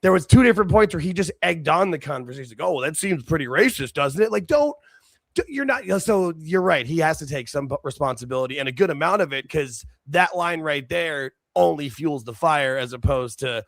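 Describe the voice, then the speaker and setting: A man co-hosting a podcast with a gravelly, slightly high voice. He laughs often and pokes fun at himself. The recording is close and dry. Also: lively intonation, brisk, fairly bright tone, dry recording. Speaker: podcast co-host. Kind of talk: casual chat.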